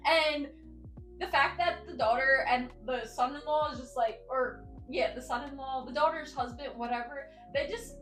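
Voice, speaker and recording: A woman's voice: high-pitched, normal speed, a bit bright. A woman hosting a casual chat, reading Reddit stories aloud in a rambling, filler-heavy way, sitting in a spinny chair. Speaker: host. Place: indoors at home in a spinny chair. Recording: echoey room, faint background music.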